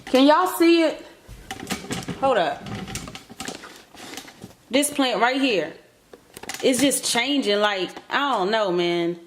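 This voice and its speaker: Woman, high voice, frantic, pleading, casual home vlog, echoey room. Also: animated, slow pace, long pauses, a little hiss or hum. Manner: frantic, pleading, talks straight to viewers. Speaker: vlogger. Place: indoors, home room with houseplants. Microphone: camera mic, lit by a ring light.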